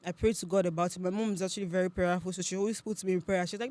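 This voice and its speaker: A young woman with a Nigerian accent, a podcast guest telling her story in a lively, chatty way. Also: on the low side, dry recording. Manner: chatty, animated storytelling with quick laughs. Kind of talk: casual interview chat.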